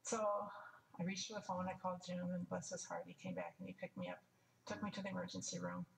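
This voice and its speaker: Older woman with a gravelly, level voice. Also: lowish voice, little pitch movement, fast, a little hiss or hum. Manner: frank, wry, restarts and asides. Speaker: testimony speaker. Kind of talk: personal storytelling. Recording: echoey room, mic at a distance, faint ambience.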